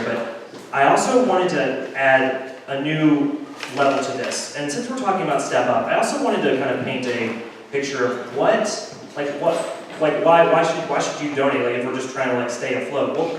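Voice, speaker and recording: A man's voice: medium pitch, lively intonation, a little fast, slight background noise. A man giving a casual, unscripted appeal for donations at a community assembly, rambling with many fillers and restarts. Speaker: assembly speaker asking for donations. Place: large hall at a community assembly. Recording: echoey hall from far off.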